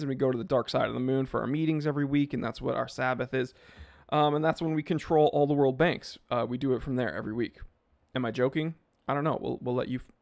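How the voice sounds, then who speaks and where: A man's voice: medium pitch, gravelly. A man hosting a casual live stream, reading out comments and joking in a loose, rambling way.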